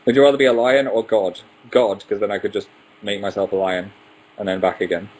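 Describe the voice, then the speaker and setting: A man's voice: lowish voice, fairly even intonation, a little fast, darkish tone, poor audio. A man in his twenties hosting a casual live stream, reading out viewer questions and answering them one by one with playful asides. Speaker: livestream host.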